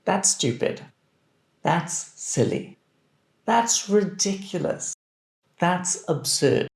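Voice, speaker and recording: Slow, deliberate male English teacher. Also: sits high, expressive. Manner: deliberate, carefully enunciated phrases for learners to repeat. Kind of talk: scripted language drill. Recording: roomy echo.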